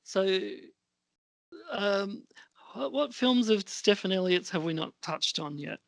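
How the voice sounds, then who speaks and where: Slow, rambling man on a dry mic. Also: high voice, expressive, vocal fry, dry recording. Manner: rambling, hesitant, many fillers and restarts. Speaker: podcast co-host. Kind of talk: casual film chat.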